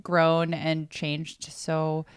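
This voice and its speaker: Joking woman co-host, lowish voice. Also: monotone, extremely slow, clear, resonant tone, dry recording, clean studio sound. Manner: jokey, laughs mid-sentence. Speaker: podcast co-host. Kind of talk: casual chat.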